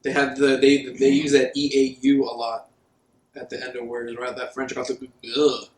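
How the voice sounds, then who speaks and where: A man's voice: mid-range voice, completely flat delivery, moderate pace. A young man co-hosting a podcast, laid-back and trailing off mid-sentence. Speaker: podcast co-host. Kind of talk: casual stoned banter. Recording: echoey room.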